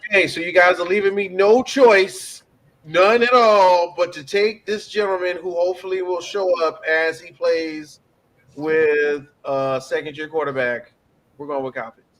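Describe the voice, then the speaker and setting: A man's voice: fairly high pitch, steady tone, normal speed, fairly bright tone. A man hosting a casual sports chat, joking around and building hype as he makes his picks. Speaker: host.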